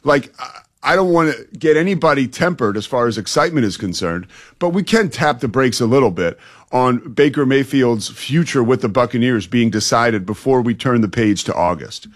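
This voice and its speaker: A man's voice: medium pitch, expressive, moderate pace. Confident male sports radio co-host. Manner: confident, emphatic opinions.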